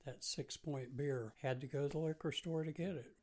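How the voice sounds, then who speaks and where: A man co-hosting a recovery podcast, telling relaxed family anecdotes in a casual chat. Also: a little high, normal speed. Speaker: podcast co-host.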